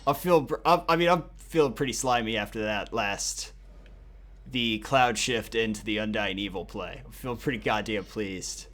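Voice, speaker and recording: A man's voice: lowish voice, moderate pace, a bit bright. A young man giving casual, profane, sarcastic commentary on a card game he is playing, often muttering to himself. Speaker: gaming video host.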